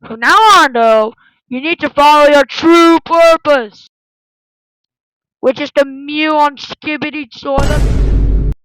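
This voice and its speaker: A woman doing a solo fan dub of an animation, voicing every character with lots of yelling and screaming, through a deliberately overdriven mic. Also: high-pitched, no echo, poor audio. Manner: yelling, screaming, dramatic shifts between roles. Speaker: fan voice-over artist. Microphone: deliberately distorted cheap mic.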